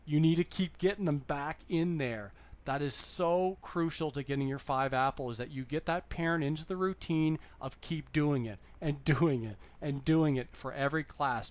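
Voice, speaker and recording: Man, slightly high voice, casual how-to talk to camera, upbeat and repetitive. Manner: upbeat, chatty, repeats points. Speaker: online English teacher giving tips.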